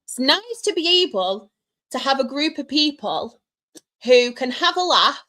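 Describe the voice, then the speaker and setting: A young woman from Manchester with a Mancunian accent chats on a live stream, answering her viewers' questions. She laughs often and keeps up friendly banter. Her voice sits a little higher than most women's. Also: big pitch swings, measured pace, pushed and bright. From Manchester, England. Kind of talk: casual live-stream chat.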